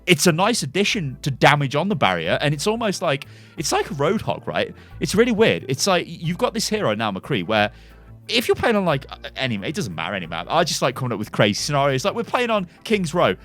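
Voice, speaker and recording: A man hosting a gaming channel, talking excitably and rambling through casual game commentary. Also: on the high side, brisk, soft background music.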